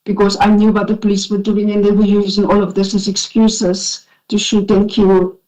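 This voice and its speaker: A South African woman testifying as a witness at a formal inquiry, emotional and shaky, speaking earnestly with halting restarts. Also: medium pitch, level tone, dark tone. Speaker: witness, former police investigator. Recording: dull lo-fi hearing recording.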